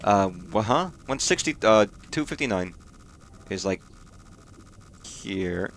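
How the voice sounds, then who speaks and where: A man's voice: fairly low pitch, expressive, slow, fairly bright tone, a little hiss or hum. Man muttering through a game. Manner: muttering, swearing, startled reactions. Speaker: host of a gaming channel. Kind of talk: let's play commentary.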